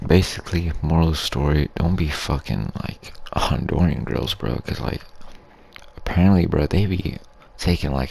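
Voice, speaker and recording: A young man telling a crude, rambling ASMR story in slangy street talk, half whispered. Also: slight background noise. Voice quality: low gravelly breathy voice. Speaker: YouTube storyteller.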